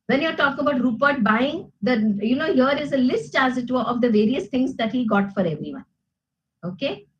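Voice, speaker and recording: A woman's voice: high voice, animated, moderate pace, highs cut off. A middle-aged woman teaching a grammar lesson, explaining patiently with many fillers and tag questions. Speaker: college English teacher.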